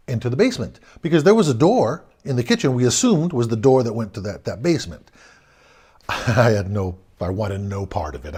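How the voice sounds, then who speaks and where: A man telling a spooky childhood story aloud, swinging between loud bursts and hushed tones. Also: mid-range voice. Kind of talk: personal ghost story told aloud.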